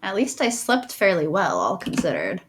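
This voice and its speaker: A woman's voice: on the low side, moderate pace, a little hiss or hum. A woman streamer reading a visual novel's narration aloud in a playful tone. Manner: reads game narration aloud in a lively, playful tone. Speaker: let's play streamer.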